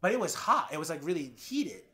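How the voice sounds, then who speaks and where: Expressive man telling candid stories. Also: brisk. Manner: expressive, swinging between loud animated bursts and low quiet passages; candid and profane, acts out other people's lines. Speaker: podcast guest. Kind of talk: candid storytelling in a podcast interview.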